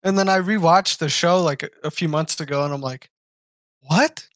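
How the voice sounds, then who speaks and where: A man's voice: a little high, a little fast, fairly bright tone, dry recording, clean studio sound. A young man co-hosting a podcast, chatting casually in a rambling, enthusiastic way. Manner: rambling, enthusiastic, lots of fillers. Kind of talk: casual chat.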